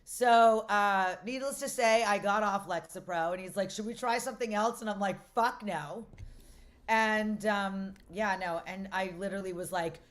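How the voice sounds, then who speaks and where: A woman's voice: mid-range voice, normal speed. Brash, profane woman in her forties. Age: 40s. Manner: brash, profane, animated storytelling with acted-out voices. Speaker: comedian guest. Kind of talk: casual podcast chat, storytelling.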